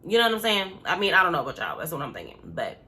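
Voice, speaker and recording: Woman recap host, loose and opinionated, lots of "like" and "you know", bright tone. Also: lowish voice, wildly swooping pitch, rapid-fire. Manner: chatty, opinionated, slangy with many fillers. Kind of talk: casual recap commentary.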